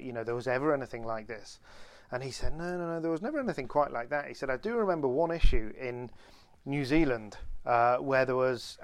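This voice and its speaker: A man casually telling an animated anecdote on a podcast, with many restarts. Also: medium pitch, dry recording. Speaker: podcast co-host. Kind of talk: casual storytelling chat.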